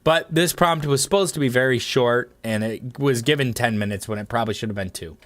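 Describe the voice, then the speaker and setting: A young male streamer talks in a loose, joking way during his live broadcast. His voice sits at an ordinary middle pitch, and he rambles playfully from one bit to the next. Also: brisk, a bit bright, no room sound. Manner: joking, goofy, breaks into silly high voices. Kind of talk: casual live-stream chat.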